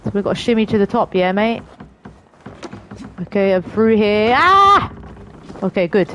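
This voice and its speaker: A woman with a London accent giving chatty, excitable live commentary as she plays a game, yelping and swearing at it. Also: medium pitch, normal speed, a little hiss or hum. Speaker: game streamer.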